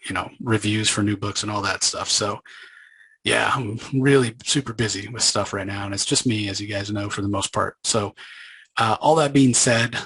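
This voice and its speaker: Man, comic channel host, casual rambling retelling, husky voice, bright tone, slightly low pitch. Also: moderate pace, poor audio. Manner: rambling and informal, many fillers and restarts.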